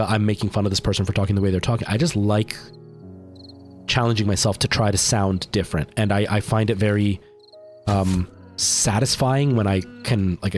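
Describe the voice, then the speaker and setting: A man's voice: fairly low pitch, normal speed, faint music behind. A man livestreaming a game, chatting casually and rambling to his chat while he plays. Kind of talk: casual gameplay stream chat.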